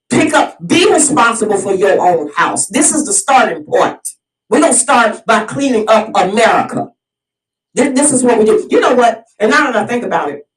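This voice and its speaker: A woman delivering an impassioned solo monologue as host of her own video series, preachy and fired up, often repeating and restarting her phrases. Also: medium pitch. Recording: roomy sound, mic at a distance.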